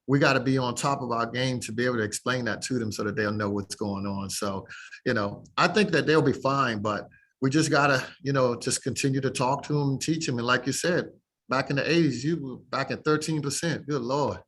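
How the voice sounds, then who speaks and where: A man in the role of a mortgage lender, talking to real estate agents at a middling pitch. His voice has a husky, slightly rough edge. He talks in a chatty, plain-spoken way. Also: fairly quick, a bit bright. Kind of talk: casual talk to agents.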